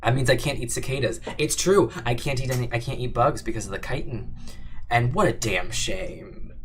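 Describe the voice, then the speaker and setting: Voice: medium pitch, normal speed, noisy background. A young adult livestream host in casual Q&A chat, reading questions and answering in a playful, jokey, teasing way with frequent laughs.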